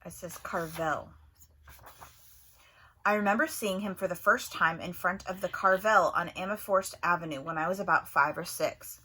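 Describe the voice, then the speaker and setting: A woman teacher reading a novel aloud to her class with expressive storytelling, then asking questions about it. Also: fairly low pitch, normal speed, slightly rough.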